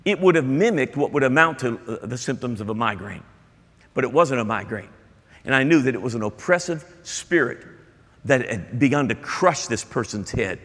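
With a fairly bright, mid-range voice, this man delivers a sermon, chatting directly with the congregation in an emphatic, conversational preaching style full of asides. The church recording carries long hall reverb.

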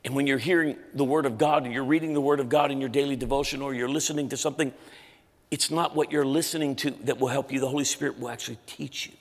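A man's voice: mid-range voice, fairly even intonation, fast. A middle-aged male pastor preaching a sermon with intense conviction, pushing his voice hard at emotional peaks. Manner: intense, rising to shouts when telling a story. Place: church auditorium. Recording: live in a large reverberant hall with faint music.

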